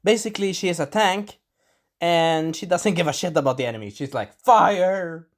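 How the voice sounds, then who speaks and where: A man giving a casual spoken review of a show episode, rambling and correcting himself, with an irritated throat that he keeps clearing. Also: fairly high pitch, expressive, a little fast.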